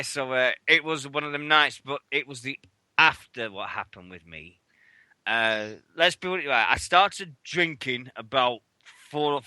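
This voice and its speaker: A man hosting a radio show tells stories in chatty, sweary conversation, acting out other people's lines. His mid-range voice is bright and forceful, and the recording is dry.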